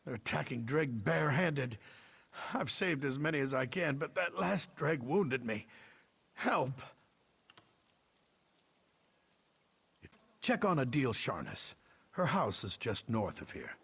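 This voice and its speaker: Husky wounded game soldier, urgent and commanding. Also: male voice, medium pitch, very animated, unhurried, fairly bright tone, exaggerated voice. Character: wounded male soldier defending a town. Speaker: game character.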